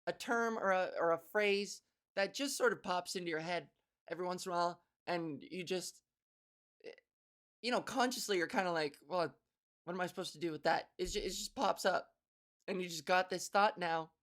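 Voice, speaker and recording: Woman comic rambling solo on her podcast, swears a lot, lowish voice. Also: moderate pace, fairly bright tone. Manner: rambling, profane, self-interrupting. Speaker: podcast host and comedian. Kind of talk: casual comedic monologue.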